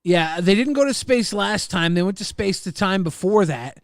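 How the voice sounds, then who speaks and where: A man hosting a livestream, casually reading viewer messages and rambling with plenty of swearing in a deadpan way. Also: sits high, normal speed, no room sound, studio quality. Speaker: stream host.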